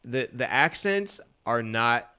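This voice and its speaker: A man's voice: medium pitch, lively intonation, slow pace, sharp tone, clear, resonant tone. A man co-hosting a podcast, reviewing a film in casual chat, thinking aloud and often restarting his sentences. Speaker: podcast co-host.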